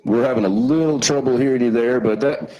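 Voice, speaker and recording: A man's voice: mid-range voice, a little fast, highs cut off. A man hosting a live company safety meeting, introducing speakers in a friendly, conversational way. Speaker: meeting host.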